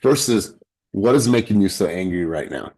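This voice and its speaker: A man's voice: deep voice, moderate pace, breathy edge. A man coaching a sales team on a video call, blunt and profane, acting out client dialogue. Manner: blunt, profane, animated, acts out quotes.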